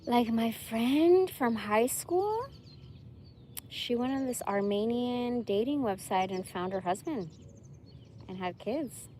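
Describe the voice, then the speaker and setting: A woman's voice: a little high, lively intonation, slow pace, warm tone, slight background noise. A woman vlogger chatting casually to her viewers, swearing freely and breaking into laughter. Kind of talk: casual chat to camera.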